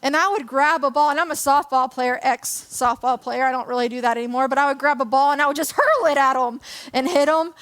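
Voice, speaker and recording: A woman's voice: high-pitched, brisk, fairly bright tone. A woman in her twenties giving a church message, telling a personal story in a chatty, self-deprecating way with plenty of fillers. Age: 20s. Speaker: church speaker. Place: church hall.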